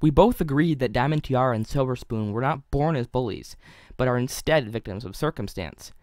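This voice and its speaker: A man's voice: medium pitch, lively intonation, moderate pace, darkish tone, no echo, studio quality. A young man narrating a scripted video review in an analytical way, with wry asides.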